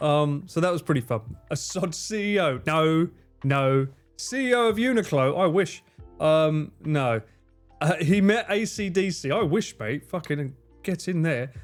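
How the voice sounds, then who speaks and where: A man with a slightly high voice speaks at a measured pace over soft background music. He's hosting a casual livestream, reading out viewer messages and packing in plenty of swearing and self-mocking jokes.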